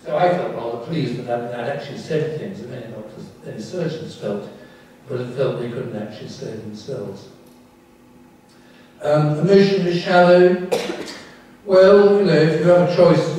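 A man's voice: mid-range voice, mellow, slight background noise. An older English neurosurgeon in his sixties giving a candid, wry public talk in a lecture hall. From England. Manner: wry, candid, self-deprecating asides. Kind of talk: public talk with audience questions. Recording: echoey hall from far off.

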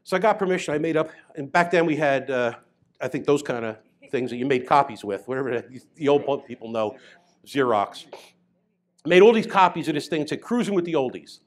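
A middle-aged man, a chiropractor telling an animated story to an audience. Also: medium pitch, a little fast. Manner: animated, grows loud and excited as the story builds. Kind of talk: storytelling talk.

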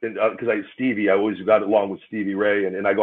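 Male interview guest, low voice, blunt and profane, repeats himself, phone-quality audio. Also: level tone, quick pace, hardly any pauses. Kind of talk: heated live interview. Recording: tinny phone-line call audio.

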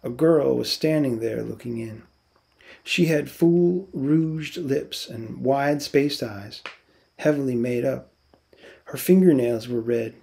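A man, a teacher, narrating a novel aloud in a steady, unhurried storytelling manner. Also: medium pitch, creaky.

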